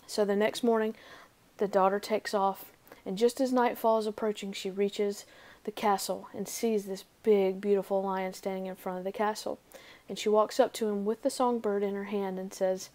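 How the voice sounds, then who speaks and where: A woman's voice: medium pitch, moderate pace. Woman reading a fairy tale aloud. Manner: lively, expressive storytelling. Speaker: storybook reader.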